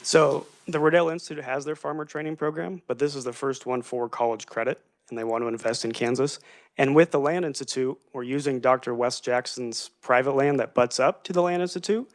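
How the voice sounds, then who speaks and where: A man's voice: mid-range voice, brisk. A man answering questions before a legislative committee, earnest and explanatory. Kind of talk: formal testimony.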